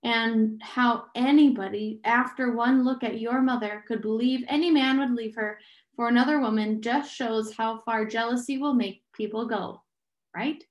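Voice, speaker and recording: Woman reading a slangy teasing teen boy, kinda high, roomy echo. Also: steady tone, moderate pace, highs cut off, close to an everyday voice. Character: brusque teenage boy, friendly and teasing.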